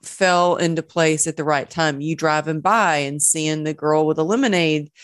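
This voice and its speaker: A woman hosting an interview, reacting emotionally and asking gentle questions. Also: low-pitched, moderate pace, dry recording. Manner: warm, emotional listener with soft reactions. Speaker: host.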